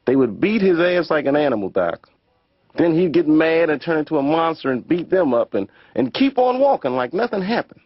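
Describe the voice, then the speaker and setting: A man with a husky voice tells a stand-up story conversationally, his pitch lively. He drops into gruff impressions. The sound is dry and a bit dull. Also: a little fast, dry recording. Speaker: stand-up comedian. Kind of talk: stand-up monologue.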